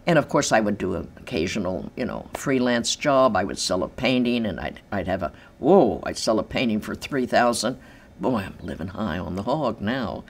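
An older woman telling stories in an interview from her apartment, animated and acting out the voices of others. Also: very deep voice, moderate pace. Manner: animated, acts out quoted voices, laughs easily. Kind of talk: storytelling in an interview. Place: large empty room in her apartment.

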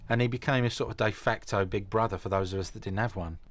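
A man reflects gently and thoughtfully in an interview. His voice sits fairly low. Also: fairly even intonation, fast talker, soft background music.

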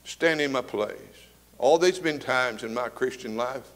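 Fervent older preacher. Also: male voice, mid-range voice, a little slow. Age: 70s. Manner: fervent preaching with rising and falling volume. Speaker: pastor. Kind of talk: sermon. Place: church sanctuary with congregation.

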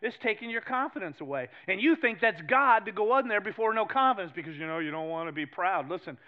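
A male pastor with a New England accent preaching a sermon, animated and emphatic, swinging between loud exclamations and hushed asides. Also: high-pitched, fast talker, muffled recording. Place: church sanctuary.

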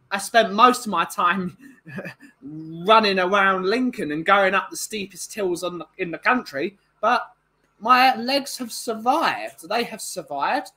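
A man's voice: sits high, bright, forceful tone, poor audio. A tired man, hosting a casual livestream and chatting as he reads out viewers' greetings. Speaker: livestream host.

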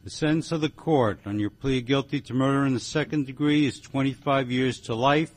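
Measured male judge reading a sentence. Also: mid-range voice. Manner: measured, formal. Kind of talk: formal sentencing in court.

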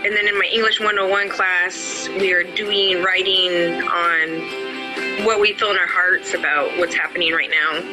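A woman's voice: on the low side, fairly even intonation, a little slow, poor audio. Earnest woman telling her story over music. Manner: earnest, heartfelt, fills with "you know". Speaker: adult student award winner. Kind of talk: personal story in an interview. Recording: music playing underneath the voice.

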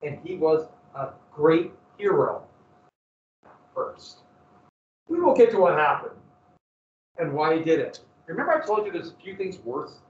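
Male teacher, classroom lecture, lively and questioning, higher voice, roomy room sound. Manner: animated storytelling, asks the class questions. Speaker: history teacher. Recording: roomy, distant, dull classroom recording.

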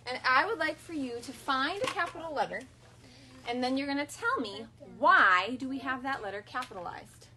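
At home, a young woman films an online kindergarten lesson, her high voice expressive as she patiently instructs. She slowly models phrases in a sing-song way for children to repeat and often redirects them gently.

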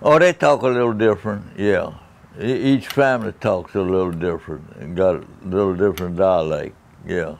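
A man chats in a folksy way and uses many fillers. His voice is low. It has a gravelly edge. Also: normal speed. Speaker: interviewee. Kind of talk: casual conversation.

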